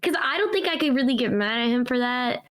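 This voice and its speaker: A young woman with a slightly high voice, reacting to videos with a friend. She laughs easily and hedges a lot, talking in a casual, self-conscious way. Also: lively intonation, fast talker, a bit bright, smooth. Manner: giggly, hesitant, self-conscious. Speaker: guest co-host.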